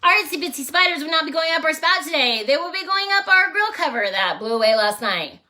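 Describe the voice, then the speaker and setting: Bubbly lady librarian doing kids storytime, super lively voice, goes way up and down. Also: high-pitched, fast talker. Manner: playful, animated, sing-song voices for kids. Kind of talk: children's storytime reading and songs.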